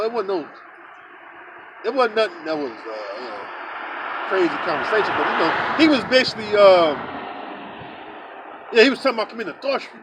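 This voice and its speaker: A member of a religious group, a man with a high-sitting voice, tells a story in casual talk, rambling, swearing and repeating himself with plenty of "you know" and "man." He's recorded on a distant mic with background noise.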